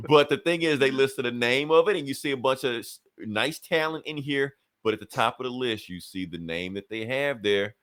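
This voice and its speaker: A man's voice: mid-range voice, moderate pace, fairly bright tone. A man co-hosting a podcast in casual chat, swearing and laughing often. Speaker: podcast co-host.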